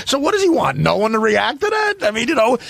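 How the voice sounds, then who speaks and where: A man's voice: very high voice, wildly swooping pitch, brisk, gravelly, a bit bright. A man in a heated radio studio chat, talking in an agitated, defensive way and swearing often. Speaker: radio show regular.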